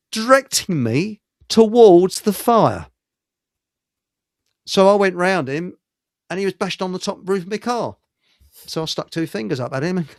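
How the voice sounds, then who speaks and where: A man's voice: a little high, gravelly, no room sound, clean studio sound. A middle-aged man hosting a casual talk show, telling rambling stories full of restarts. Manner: rambling anecdotes with frequent restarts. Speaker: host.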